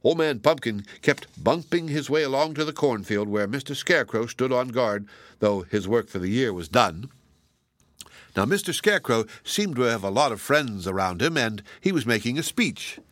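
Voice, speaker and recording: Bright, lively male storyteller. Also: mid-range voice, moderate pace, no room sound. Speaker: narrator. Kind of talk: storybook reading.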